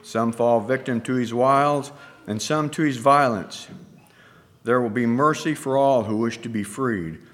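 A man voicing a grieving, merciful king who speaks in solemn, measured commands in a spoken allegory. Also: mid-range voice, close to an everyday voice. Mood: commanding.

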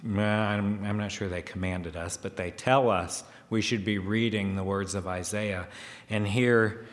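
A man delivers a sermon in a large hall, his lowish voice holding a steady tone. He speaks slowly and hesitantly, full of fillers and restarts, and gets louder when he reads scripture aloud.

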